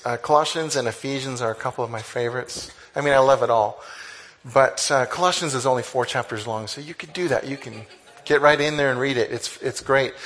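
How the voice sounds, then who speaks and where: A man preaching a conversational sermon, animated, with sudden exclamations. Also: medium pitch. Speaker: pastor.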